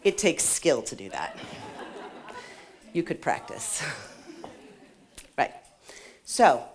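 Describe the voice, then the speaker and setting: Woman, middle-aged, motivational talk, animated, laughs often, wide-ranging pitch. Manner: animated, laughs often, playful asides to the audience. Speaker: conference speaker. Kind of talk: motivational talk to a live audience. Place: conference hall stage.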